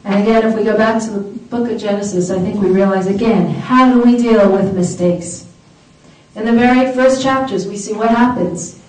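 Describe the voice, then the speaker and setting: A woman giving an animated talk to an audience, asking them questions along the way. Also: mid-range voice, moderate pace, far from the mic. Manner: animated, engaging, asks the audience. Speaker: speaker. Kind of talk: lecture to an audience. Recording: echoey hall from afar.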